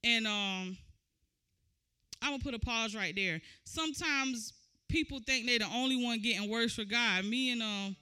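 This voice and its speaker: A woman preaching. Her voice sits high and sounds piercingly bright. She moves from easy conversational teaching to loud, shouted exhortation. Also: normal speed, smooth. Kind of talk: sermon.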